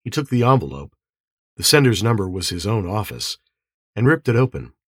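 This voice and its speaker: A man narrating an audiobook in a measured, expressive way. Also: fairly low pitch, husky, no echo, studio quality. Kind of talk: scripted narration.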